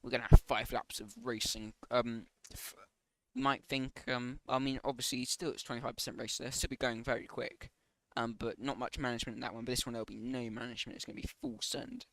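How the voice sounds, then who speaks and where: On an online racing league stream, a man delivers live commentary in a flat, medium-pitched voice, recorded dry. He says "um" a lot and quickly corrects himself.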